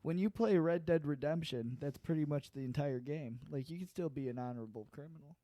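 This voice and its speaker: A man's voice: fairly high pitch, brisk, mellow, dry recording. A man hosting a podcast, joking and crude in a rambling casual chat. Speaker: podcast host.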